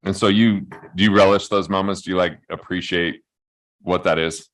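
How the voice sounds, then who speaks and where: A man's voice: low voice, steady tone, moderate pace. A man in his forties hosting an interview, musing thoughtfully on the guest's story. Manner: reflective, musing. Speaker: host. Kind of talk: interview conversation.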